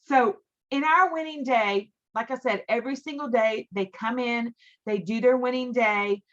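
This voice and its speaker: On a dull-sounding recording, a middle-aged woman gives a motivational talk to her team on a training call. Her voice is fairly high and her pace moderate, and she's chatty and emphatic, repeating words for stress.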